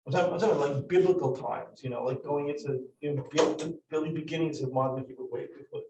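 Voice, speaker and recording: A man's voice: medium pitch, quick pace, vocal fry, echoey room, noisy background. Man teaching a class, far from the mic. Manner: explains step by step with many restarts and questions to the class. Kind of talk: classroom lesson. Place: classroom with a board.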